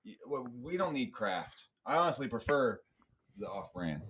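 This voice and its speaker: A man's voice: mid-range voice, very animated, moderate pace, fairly bright tone, husky. A young man co-hosting a podcast in a casual chat, joking and teasing with plenty of swearing. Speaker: podcast co-host.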